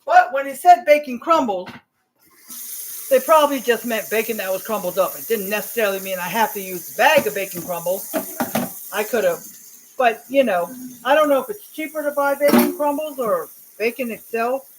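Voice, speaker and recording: A woman's voice: fairly high pitch, normal speed, background noise. A woman hosting a cooking vlog, rambling chattily and talking straight to her viewers from her home kitchen. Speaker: cooking channel host.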